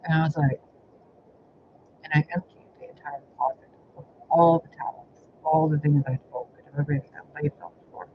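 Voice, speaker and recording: A man's voice: a little high, steady tone, normal speed. Exasperated, profane man telling a rambling story. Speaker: spiritual reader recounting personal life. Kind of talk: casual rambling storytelling vlog. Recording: dull lo-fi audio with faint hiss.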